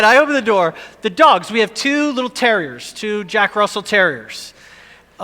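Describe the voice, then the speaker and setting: Man, middle-aged, pastor, sermon, animated storytelling, high voice, long hall reverb. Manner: animated storytelling, acting out screams.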